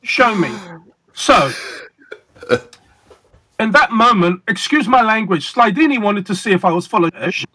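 A man being interviewed as a guest magician, telling stories in a deliberate, emphatic way with pauses for effect. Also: high voice, expressive, pushed and bright. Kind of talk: casual interview storytelling.

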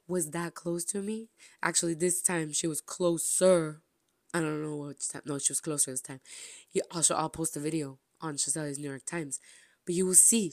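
A young woman with a low-pitched voice gushes through a story for her podcast listeners. She repeats herself for effect and swings from loud exclamations down to hushed asides. The recording is dry and close, with no room sound. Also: dry recording. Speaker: podcast host.

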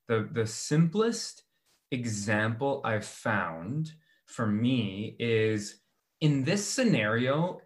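A man on a podcast, talking earnestly and reflectively about self-compassion, often restarting his sentences. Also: medium pitch.

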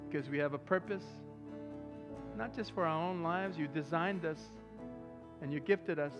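Delivering a sermon to his congregation, this pastor's slightly high voice stays relaxed most of the time but erupts now and then into loud, excited outbursts.

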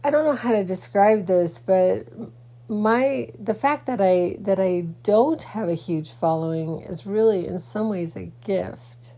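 A woman podcaster rambles through a casual personal vlog early in the morning, sounding sleepy and yawning, with many restarts and fillers. Her mid-range voice is mellow and a little slow.

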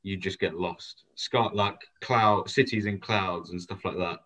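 A man in his twenties with a very deep voice speaks thoughtfully about his band. He hesitates and restarts, keeping a soft, unhurried tone. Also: poor audio. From England. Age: 20s. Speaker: band member. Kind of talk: casual interview chat.

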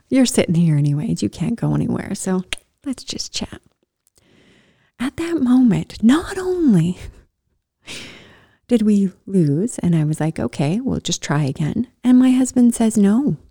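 A woman telling her own story in a casual, animated way, swinging from loud bursts to soft whispers. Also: medium pitch, unhurried, pauses often, breathy edge, dry recording, clean studio sound. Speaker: storyteller sharing a personal story.

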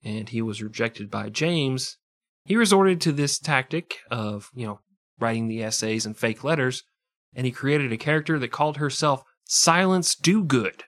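A man hosting a relaxed history podcast, with a voice of middling pitch. He mixes his reading with jokes and laughs a lot. The talk is loose and playful, not polished. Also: moderate pace. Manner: jokey, laughs often, slips into silly accents. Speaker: podcast co-host. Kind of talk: casual comedic history podcast narration.

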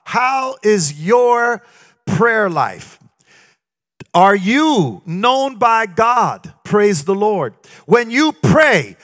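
A man's voice: very high-pitched, fairly bright tone. A man preaching a sermon in a sing-song cadence, breaking often into exclamations of praise.

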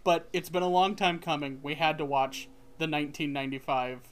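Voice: mid-range voice, steady tone, a little fast. Easygoing host who steers the conversation. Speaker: podcast host. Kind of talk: casual chat.

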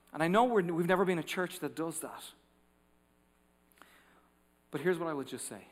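Animated male pastor preaching in a reverberant hall. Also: on the high side, moderate pace, long pauses. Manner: animated storytelling, acting out quotes, swings from loud to hushed. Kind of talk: sermon. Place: large church sanctuary. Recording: long reverb of a large hall.

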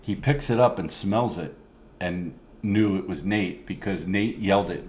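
A man co-hosting a casual podcast chat who talks in a relaxed, halting way and often trails off. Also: low-pitched. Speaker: podcast co-host.

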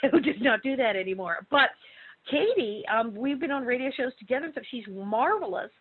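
A woman, a guest author, telling stories in a casual interview, animated and laughing as she acts out the people in them. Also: on the high side, normal speed, slightly rough. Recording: phone-like narrow sound.

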